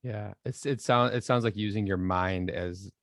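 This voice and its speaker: A man's voice: lowish voice, moderate pace, dry recording. A man hosting a podcast interview over a video call, talking casually with hesitant restarts. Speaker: podcast host.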